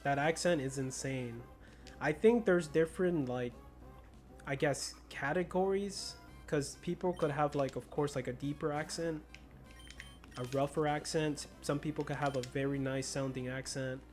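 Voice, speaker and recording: A man's voice: a little high, moderate pace, darkish tone, soft background music. A young American man with a slight Spanish-influenced accent, chatting casually and laughing while streaming a game. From United States. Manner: laid-back, slangy, laughs often. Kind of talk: casual chat while gaming.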